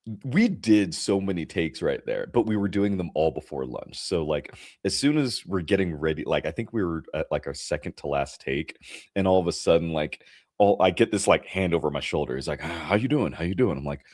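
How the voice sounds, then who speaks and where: A young man with a very low voice tells an animated story, full of fillers and laughter. The sound is dry and close, like a video call. He talks casually, as one actor chatting with another. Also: a little fast, no room sound. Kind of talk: casual chat. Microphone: remote video call.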